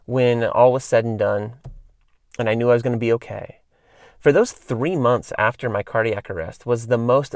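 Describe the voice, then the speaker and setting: A man's voice: mid-range voice, creaky, dry recording, clean studio sound. A man in his thirties, hosting a solo podcast and telling rambling casual stories full of fillers and tangents. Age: 30s. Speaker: podcast host.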